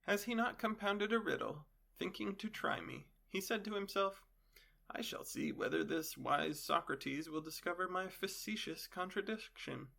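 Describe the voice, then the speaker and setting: A man's voice: a little high, creaky, bright, forceful tone, heavily acted. A man voicing an elderly male philosopher on trial, questioning his accuser with dry irony. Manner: questioning, dryly ironic.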